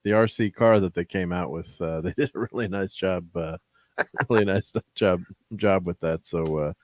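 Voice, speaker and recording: A man's voice: deep voice, normal speed, dry recording. A man hosting a casual video chat with friends, joking and laughing often. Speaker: show host.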